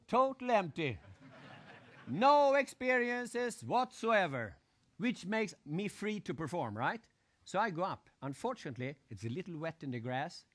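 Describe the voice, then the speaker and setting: A man giving a live motivational seminar talk, animated, acting out crowd shouts and putting questions to his audience. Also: on the high side. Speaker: motivational speaker.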